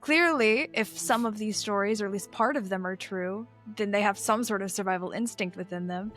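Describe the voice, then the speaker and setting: A woman's voice: medium pitch, moderate pace, a bit bright, faint music behind. A woman playing a tabletop game, thoughtfully explaining how her character reacts. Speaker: player. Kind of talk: casual tabletop play.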